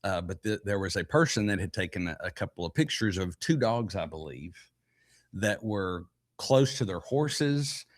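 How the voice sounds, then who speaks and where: Low-voiced man, halting casual podcast chat. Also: animated. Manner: halting, with frequent restarts. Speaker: podcast co-host. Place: live podcast recording.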